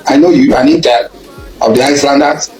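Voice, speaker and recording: A man with a Nigerian accent giving an impassioned public speech, accusing a rival and repeating his points, at times rising to a shout. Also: medium pitch, steady tone, fast talker, echoey room, music in the background, low-quality recording. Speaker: public speaker addressing a rival.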